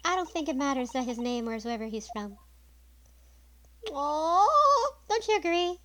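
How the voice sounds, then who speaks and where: A woman's voice: sits high, very animated, a little slow, bright, forceful tone, slight background noise, voice pushed up, full character voice. A woman voicing a cheerful, sweet young girl from a story game, gushing and affectionate. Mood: sweet, earnest.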